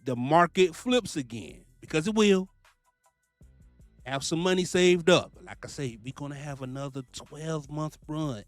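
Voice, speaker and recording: Animated trucker man, dry close sound. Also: mid-range voice, no echo. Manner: animated, repetitive, preachy, swears freely. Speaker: trucking vlogger, lease purchase owner-operator. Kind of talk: casual advice vlog.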